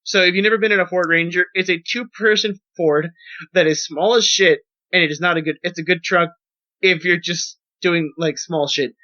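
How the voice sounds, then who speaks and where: High, bright-voiced man telling rambling stories. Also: moderate pace. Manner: rambling, profane, animated storytelling. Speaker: podcast host. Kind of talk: casual storytelling. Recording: dull lo-fi podcast audio.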